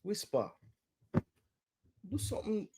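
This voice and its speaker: Excitable Jamaican man yelling at a match. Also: high voice, slow, slight background noise. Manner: excitable, yelling instructions at the players; swings between loud cries and muttered groans. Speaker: fan host of a live watch-along. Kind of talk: live match reaction commentary.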